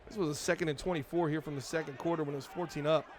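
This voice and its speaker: A man's voice: a little high, fairly even intonation, very fast, background noise. A man casually commentating his own football video game on a live stream, chatting play by play like a fan of his team. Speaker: streamer playing a football franchise mode. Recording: game music playing behind voice. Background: video game music and sounds.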